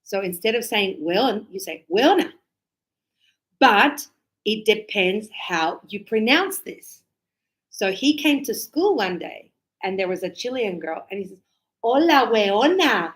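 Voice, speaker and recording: A woman's voice: medium pitch, measured pace. A woman English teacher explaining casually to her class and acting out little quoted exchanges. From Australia. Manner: animated, acts out short quoted exchanges.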